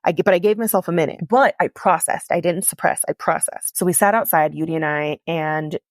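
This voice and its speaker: Woman, low voice, candid confessional storytelling, dry close sound. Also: fairly quick, no echo. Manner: candid, confessional, heavy use of "like". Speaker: podcast host and coach. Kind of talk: personal storytelling monologue.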